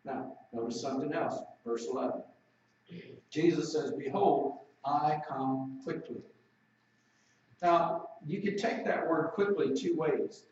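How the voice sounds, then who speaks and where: A man delivers a sermon in a raised-pitch voice, stretching out scripture passages for emphasis. The sound is heavily echoey and picked up from a distance. The recording is dull and lo-fi. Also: darkish tone. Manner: preaching with emphatic, drawn-out scripture reading. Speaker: preacher. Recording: roomy echo, distant mic, dull lo-fi sound.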